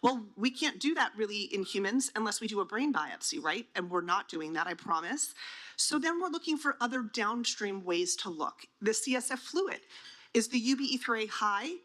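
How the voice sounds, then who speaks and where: A woman's voice: mid-range voice, expressive, moderate pace, a bit bright. A woman on a conference panel, explaining drug trials to families in a plain, teacherly way, asking and answering her own questions.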